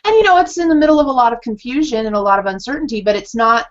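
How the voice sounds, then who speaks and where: A woman's voice: on the high side, rapid-fire. A woman hosting a casual live chat, talking expressively and acting out quoted reactions with frequent laughter. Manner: animated, acts out quoted reactions, laughs often. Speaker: channeler and host. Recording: dull lo-fi sound.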